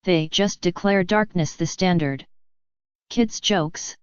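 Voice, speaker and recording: A woman reads jokes in a deadpan, measured way, at an unhurried pace. Her voice is clear and smooth and sits slightly low. The recording is dry and a little dull. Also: no echo. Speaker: joke reader. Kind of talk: scripted joke narration.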